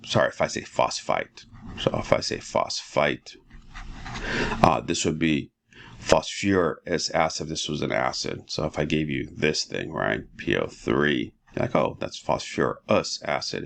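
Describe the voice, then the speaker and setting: A man teaching chemistry in a relaxed, casual lecture, walking students through each step and often asking "right?". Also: measured pace. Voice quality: very deep and gravelly. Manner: relaxed, talks students through steps with frequent rhetorical "right?".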